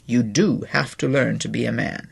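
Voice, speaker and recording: A man voicing an older female nurse in an audiobook, gentle and plain-spoken. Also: medium pitch, steady tone, normal speed, gravelly, breathy edge. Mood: gentle firm. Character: older female hospital nurse, kindly but firm. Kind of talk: audiobook character voice.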